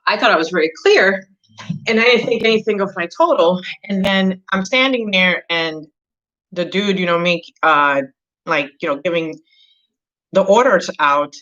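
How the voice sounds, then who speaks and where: A woman hosting an astrology channel chats casually, rambling with lots of fillers and getting heated as she retells a story. Her fairly low voice is expressive and fairly bright, at a moderate pace, with lo-fi sound.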